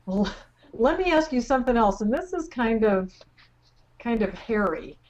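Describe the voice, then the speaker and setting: A woman's voice: on the high side, expressive, moderate pace, darkish tone, dull audio. A woman co-hosting a radio interview, asking the guest questions in a conversational way. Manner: conversational, inquisitive. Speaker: co-host.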